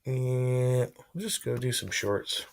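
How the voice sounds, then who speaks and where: A man's voice: medium pitch, takes it slowly, vocal fry. A man live-streaming, chatting casually in a rambling way and swearing freely.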